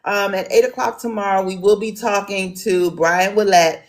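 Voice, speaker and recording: A woman's voice: mid-range voice, fairly even intonation, moderate pace. Dc woman running a town hall chat, casual, lots of ums and restarts. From Washington, D.C. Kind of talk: online town hall moderating.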